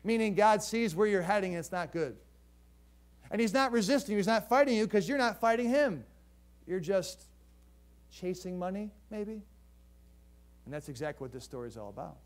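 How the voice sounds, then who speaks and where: A man's voice: high-pitched, animated, moderate pace, long pauses. A male pastor preaching a sermon in a conversational storytelling way, sprinkling modern jokes into a Bible story. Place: church.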